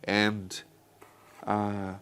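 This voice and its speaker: A man's voice: fairly low pitch, completely flat delivery, extremely slow, fairly bright tone, clear, resonant tone. A man casually reviewing a comic book collection, chatty and enthusiastic, talking straight to his viewers. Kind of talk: casual product review vlog.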